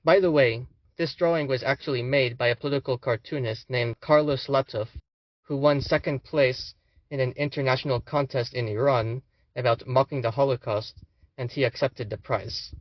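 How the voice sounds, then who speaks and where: A man's voice: mid-range voice, steady tone, normal speed, dry recording, lo-fi sound. A young man, a student, giving a scripted commentary voice-over with sardonic, indignant asides. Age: young adult.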